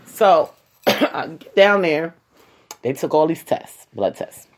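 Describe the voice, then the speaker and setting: A woman telling a personal story to her viewers in a casual, animated way, talking straight to them and acting out what people said. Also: low voice, slow, a little hiss or hum. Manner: animated, acts out quoted voices; colloquial, addresses listeners as y'all.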